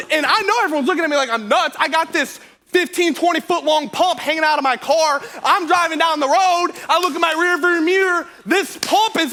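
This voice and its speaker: A man preaching to a youth group, telling a story in slangy, animated speech and turning quieter and earnest when he teaches. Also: very high voice, slight background noise. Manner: slangy and animated, calls the crowd bro and dude. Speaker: youth pastor. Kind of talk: youth sermon with a comic opening story. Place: church youth service venue.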